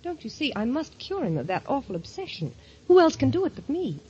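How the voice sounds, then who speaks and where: An actress playing a devoted, stubborn young wife, speaking in an emotional, pleading, insistent way, 1940s radio acting style. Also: female voice, high-pitched, big pitch swings, brisk, dark tone. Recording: dull lo-fi old radio recording.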